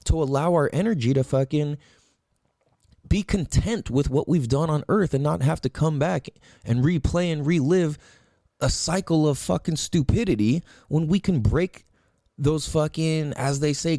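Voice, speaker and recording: A man's voice: a little high, creaky, no echo, studio quality. A man hosting a solo podcast, ranting in a profane, rambling way with lots of emphatic rhetorical questions. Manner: profane, animated, rambling rant. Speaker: podcast host.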